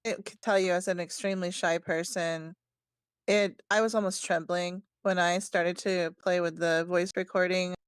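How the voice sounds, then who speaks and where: A woman co-hosts a casual chat, gently encouraging the others. Her voice is smooth and clear, and it sounds close and dry. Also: lowish voice, flat delivery, normal speed, dry recording. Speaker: co-host.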